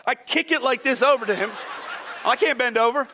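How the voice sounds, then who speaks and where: A man preaching as a pastor, telling a funny personal story in a lively, self-deprecating way before giving sermon points. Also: very high voice, brisk, a little hiss or hum. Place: church auditorium.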